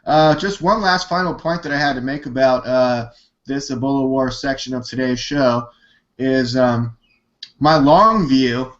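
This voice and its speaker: A man's voice: mid-range voice, fairly bright tone. A man hosting a live talk show in a laid-back, hesitant way with many fillers, heard over lo-fi call audio. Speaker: show host.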